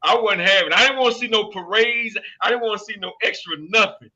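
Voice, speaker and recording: Middle-aged male host, high bright voice, animated storyteller, muffled lo-fi audio. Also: fast talker. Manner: animated, laughing storyteller with Southern slang. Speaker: show host. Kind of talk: casual storytelling chat. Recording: dull lo-fi sound.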